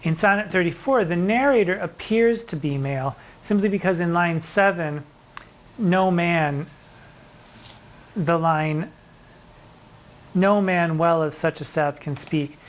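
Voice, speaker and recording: A middle-aged drag performer giving a theatrical, mock-indignant commentary on sonnets, reading the verse slowly between asides. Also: medium pitch, rough recording. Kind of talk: animated poetry commentary.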